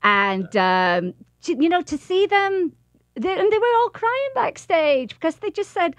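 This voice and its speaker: A high-voiced woman gushes about a night she worked on, laughing easily between lines. Her voice rises and falls eagerly, and it sits dry and close to the mic. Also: big pitch swings, unhurried, no room sound. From United Kingdom. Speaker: podcast co-host. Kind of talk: casual podcast chat.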